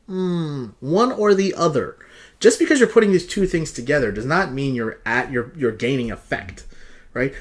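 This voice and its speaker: A man hosting a casual video, picking apart song lyrics in an exasperated, sarcastic rant and repeating his points for emphasis. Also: on the high side. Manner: emphatic repetition. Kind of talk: casual vlog commentary.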